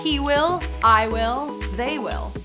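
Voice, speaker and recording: Woman, trivia show host, high-pitched, upbeat, playful, laughs a lot. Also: takes it slowly, loud music behind the voice. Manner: playful and giggly, chatty asides; upbeat and excitable. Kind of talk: live trivia show hosting.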